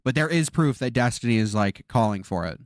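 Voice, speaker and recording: A man's voice: medium pitch, lively intonation, brisk, no echo, clean studio sound. A man streaming a reaction, exasperated, swearing often and repeating himself. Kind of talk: live-stream reaction commentary.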